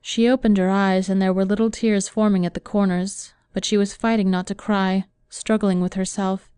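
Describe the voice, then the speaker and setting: Smooth, mellow woman narrating a novel. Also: medium pitch, no room sound. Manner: measured, even reading. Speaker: audiobook narrator. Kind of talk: scripted narration.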